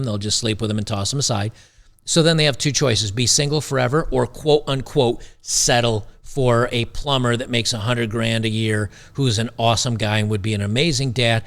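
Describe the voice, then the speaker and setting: A man hosting a talk show, giving blunt, sarcastic, rambling commentary on a video clip. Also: medium pitch. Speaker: show host.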